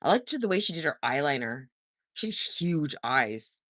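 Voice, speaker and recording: Reading out viewer comments on a laid-back livestream, this female host chats, teases, laughs a lot and sings brief snippets. Her voice is deep and sing-song, fairly bright in tone, at a normal pace. It's studio-quality audio with no room sound.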